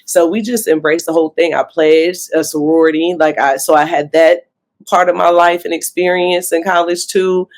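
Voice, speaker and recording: A woman's voice: fairly low pitch, fairly even intonation, moderate pace. Earnest woman coach answering interview questions. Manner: earnest and reflective, warm laughs. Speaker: head basketball coach.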